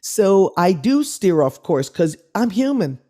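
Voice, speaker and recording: A woman's voice: mid-range voice, very animated, a little slow, warm tone. A woman guest on a video call, speaking earnestly and animatedly in an interview. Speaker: guest musician. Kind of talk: reflective interview talk.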